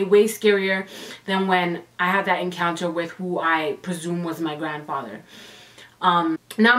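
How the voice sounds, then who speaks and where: A woman's voice: lowish voice, a bit bright. Woman recounting a ghost story, slightly off-mic. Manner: emotional, dramatic retelling with sighs and exclamations. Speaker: YouTuber telling a storytime. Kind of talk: casual storytime vlog. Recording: voice a bit distant from the mic.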